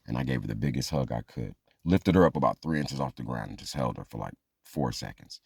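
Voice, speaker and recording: A man's voice: extremely low pitch, a little fast, creaky, slightly rough, dry recording, clean studio sound. A man telling a funny true story as a monologue, acting out the people in it. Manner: animated, acts out quoted voices.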